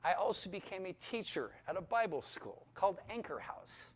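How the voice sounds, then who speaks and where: A man in his fifties, a pastor telling his testimony to Bible school students, animated and acting out the conversations he recalls. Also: high-pitched, moderate pace. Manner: animated storytelling, acts out dialogue; emotional, near tears.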